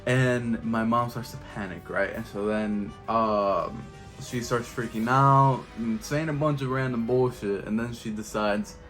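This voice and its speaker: A young man telling a story in a casual vlog, animated and full of slang and swearing. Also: medium pitch, normal speed, faint music behind. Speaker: YouTube storyteller.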